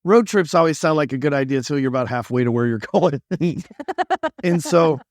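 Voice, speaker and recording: A man's voice: on the high side, fairly quick, darkish tone, no echo, clean studio sound. A middle-aged man co-hosting a podcast, telling stories in a rambling, joking way. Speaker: podcast co-host. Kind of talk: casual chat.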